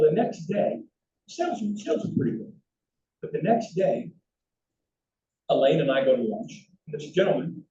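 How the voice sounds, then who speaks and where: An older man, telling anecdotes in a lecture with slides and often restarting his sentences. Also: a little high. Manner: animated anecdotal storytelling with frequent restarts. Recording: roomy, distant, dull hall recording.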